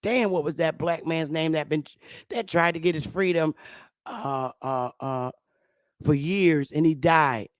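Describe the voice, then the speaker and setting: A woman's voice: sits low, moderate pace, no room sound. Woman, online commentator, casual monologue, blunt, profane, emphatic, dead dry room.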